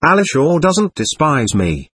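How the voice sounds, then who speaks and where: A man's voice: on the high side, big pitch swings, a little slow, a bit bright, husky, no room sound, pitched above the performer's own voice, heavily acted. A man reading the part of a drunken, lecherous old man who rambles and needles his sons. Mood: quarrelsome. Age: older.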